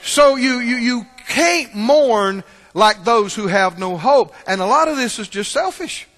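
A man delivers a sermon to his congregation in a notably high, bright voice. He builds to fervent shouts, then falls to quiet, low asides. He keeps checking in with the listeners between points. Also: expressive, measured pace, in a large hall. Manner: call-and-response asides like "Right?" and "Huh?". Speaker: pastor.

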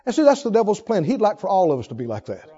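A male preacher with a high, lively voice that leaps up and drops low. He repeats his key lines for emphasis and moves from loud exhortations to hushed asides. The recording is dull and lo-fi. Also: racing, slightly rough. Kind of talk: sermon.

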